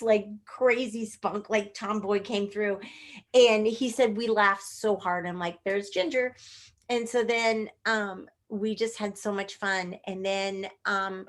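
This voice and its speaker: A middle-aged woman from Northern California, a puppeteer telling stories in a lively interview and acting out the people she quotes. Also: medium pitch, unhurried. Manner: bubbly and expressive, acts out voices in quoted dialogue. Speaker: guest puppeteer. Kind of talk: animated interview storytelling.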